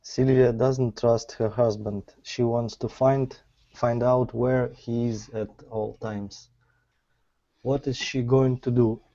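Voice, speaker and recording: A man answering as a student in an online English class, reading carefully and haltingly. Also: medium pitch, flat delivery, dark tone, dull audio. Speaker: language student.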